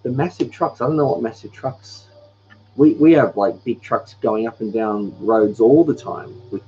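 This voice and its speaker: A soft-spoken man, chatting casually as a host reading viewer comments on a live stream. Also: mid-range voice, highs cut off, slight background noise. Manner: relaxed, rambling, with pauses. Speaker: cooking channel host.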